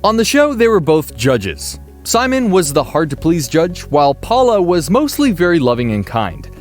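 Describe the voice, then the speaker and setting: A man's voice: a little high, sing-song, moderate pace. A man narrating a countdown video in a chatty, playfully emphatic way, with faint music behind him. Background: faint background music.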